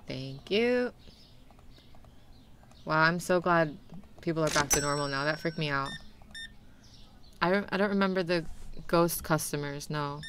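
A woman's voice: low-pitched, unhurried, pauses often, a bit bright, a little hiss or hum. A young woman streaming a game, chatting animatedly with her viewers and laughing often. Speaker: VTuber streamer. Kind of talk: casual gameplay commentary.

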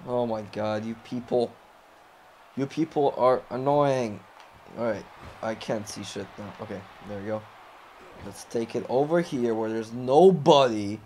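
A young man narrates his wrestling video game match as he plays it. He speaks slowly and unhurried, then bursts into frustrated yelling and swearing whenever the game fights back. His voice sits at an ordinary middle pitch. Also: slight background noise. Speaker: gamer recording a playthrough. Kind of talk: live gameplay commentary.

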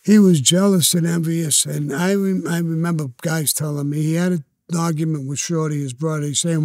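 An older man with a Brooklyn accent tells his stories in a blunt, profane street manner. His voice sits a little high but sounds dark and mellow. The room is dry and close. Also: steady tone, normal speed, hardly any pauses, dry recording. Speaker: interview guest. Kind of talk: storytelling interview.

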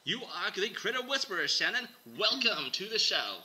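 A man playing an overexcited male wildlife show host in a put-on Australian accent, loud and theatrical. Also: high-pitched, very animated, moderate pace, slight background noise, voice pushed up, exaggerated voice, poor audio.

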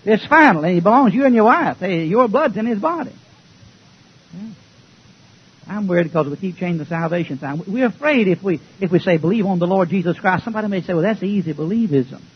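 Man, preacher, folksy jokes, raspy edge, muffled old church recording. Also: high-pitched, lively intonation, fairly quick. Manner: folksy, joking, shouting at times. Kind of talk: fiery sermon. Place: church before a congregation.

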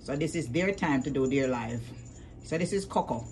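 A woman's voice: very deep voice, lively intonation, normal speed, darkish tone, a little hiss or hum. A woman, vlogging as she coaxes her cats to play in a sing-song, repetitive way. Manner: coaxing, sing-song, repeats commands. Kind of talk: casual talk to her cats.

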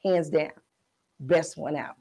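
Gravelly New woman telling stories. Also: sits low, fairly even intonation, slow, mellow, low-quality recording. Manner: frank, profane, conversational. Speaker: podcast host. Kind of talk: personal storytelling.

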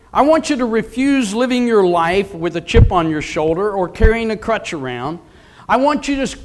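Old guy preaching, pretty high voice, punchy and repeats himself a lot. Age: 70s. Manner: emphatic, repetitive preaching with call-and-response. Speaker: pastor. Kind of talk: sermon.

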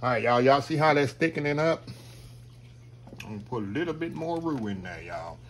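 A man's voice: mid-range voice, lively intonation, a little fast, a bit bright, slight background noise. Folksy man cooking, saying y'all. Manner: folksy, talks straight to viewers, says y'all constantly. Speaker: cooking show host. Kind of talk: casual cooking demonstration.

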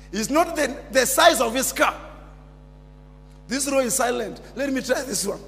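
A man preaching a sermon as pastor, calling out to the congregation and often shouting. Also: very high voice, expressive, measured pace, long pauses. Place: church hall. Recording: reverberant church hall.

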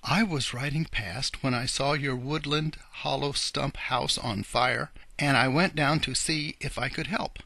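A man voicing kindly old Mother Goose, who speaks gently and matter-of-factly. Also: mid-range voice, steady tone, unhurried, vocal fry, hardly any pauses, no room sound, voice pushed up, full character voice. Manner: gentle, matter-of-fact storyteller's tone.

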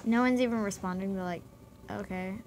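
A woman's voice: a little high, lively intonation, measured pace, slight background noise. A young woman rambling and giggling as she chats through her game recording. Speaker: gaming vlogger. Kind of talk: casual chat while playing a game.

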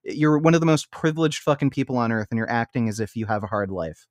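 A man rants on a reaction stream, blunt and profane, scornful of what he watches. His voice is smooth and resonant and the sound is dry and close. He stumbles into restarts when worked up. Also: mid-range voice, expressive, quick pace, no echo.

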